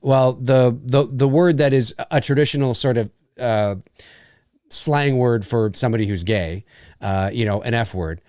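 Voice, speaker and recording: A man's voice: mid-range voice, normal speed, darkish tone, smooth, no room sound, studio quality. A middle-aged man from Canada co-hosting a podcast in casual chat, rambling and emphatic, blunt about not caring. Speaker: podcast co-host.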